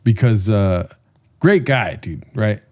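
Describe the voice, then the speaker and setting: A man's voice: on the low side, lively intonation, slow, a little mellow. A young man co-hosting a casual podcast, telling loose stories full of crude jokes. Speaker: podcast co-host.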